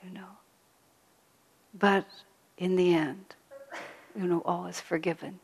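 Soft-spoken woman telling a sacred story. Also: fairly low pitch, flat delivery, takes it slowly, husky, big-room sound. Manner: soft-spoken, often drops to a hush; earnest and reflective, repeats phrases. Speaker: spiritual teacher. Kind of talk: spiritual storytelling talk.

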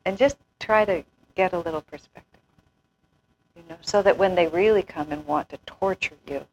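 A woman's voice: fairly low pitch, moderate pace, a little mellow, dull audio, slight background noise. A woman giving an informal spiritual talk, telling anecdotes, acting out quotes and laughing often. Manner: chatty storyteller, laughs often, acts out quotes. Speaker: spiritual teacher.

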